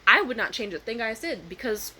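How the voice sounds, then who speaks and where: Bright-voiced young woman ranting. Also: fairly quick, husky. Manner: animated, profane, jumps into high voices when quoting. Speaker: vlogger. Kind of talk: casual storytime rant.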